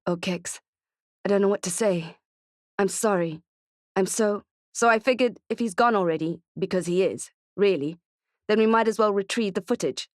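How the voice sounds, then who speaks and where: A woman voicing Keke, a tough, frantic female friend who talks bluntly and swears, in a dark thriller audiobook. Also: mid-range voice, moderate pace, no room sound, clean studio sound, close to an everyday voice. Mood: urgent.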